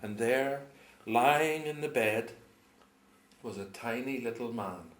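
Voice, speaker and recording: A man telling a folk tale to a live audience, chuckling often and dropping into quiet voices for the characters. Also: mid-range voice, slow pace. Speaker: storyteller. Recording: roomy live recording with audience.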